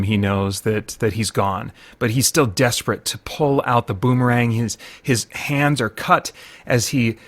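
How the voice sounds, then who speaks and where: A man's voice: medium pitch, a bit bright, no echo. Earnest man reviewing comics, dry sound. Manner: heartfelt, earnest, with restarts. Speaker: comic book reviewer, host. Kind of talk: casual review podcast.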